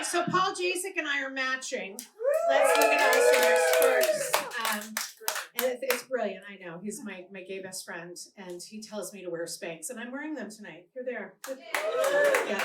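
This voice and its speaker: A middle-aged woman with a Boston accent, bawdy and brash, working a live crowd in a stand-up set. Her voice sits a little high and is caught from a distance in an echoey club. Loud laughter and noise fill the room around her. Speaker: stand-up comedian. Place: comedy club stage before a live audience. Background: audience laughter and applause.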